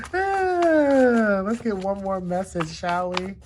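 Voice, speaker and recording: A woman's voice: mid-range voice, fairly even intonation, slow, slight background noise. A woman hosting a casual card reading, chatty and leaning on the word "definitely" again and again. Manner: chatty, repeats "definitely" often. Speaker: tarot card reader.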